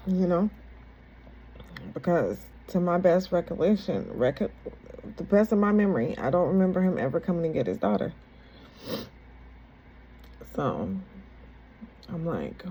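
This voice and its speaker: A woman candidly retelling a personal story in a casual, halting, conversational way. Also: fairly low pitch, mellow, muffled recording, slight background noise.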